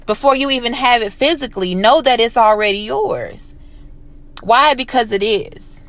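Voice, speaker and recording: A woman's voice: on the high side, fairly bright tone. Woman, motivational pep talk, blunt and profane, repeats for emphasis. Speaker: motivational vlogger.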